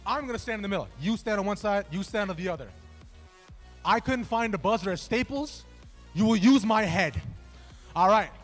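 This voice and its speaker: A man's voice: high voice, lively intonation, moderate pace, long pauses, faint music behind. A man hosting a trivia game at a gaming event, bantering casually and jokingly with contestants in a large indoor venue. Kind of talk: live event emceeing.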